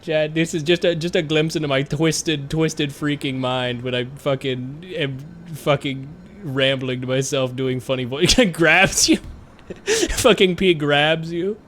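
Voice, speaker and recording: A man's voice: on the high side, steady tone, unhurried, fairly bright tone. A young man streaming live and chatting casually while gaming, rambling with stammered repeats and frequent giggles.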